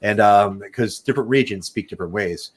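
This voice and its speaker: Low-voiced swearing Midwestern guy. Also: brisk, slightly rough. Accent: Midwestern American. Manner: rambling, swears casually, says "dude" and "like". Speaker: podcast host. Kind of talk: casual chat.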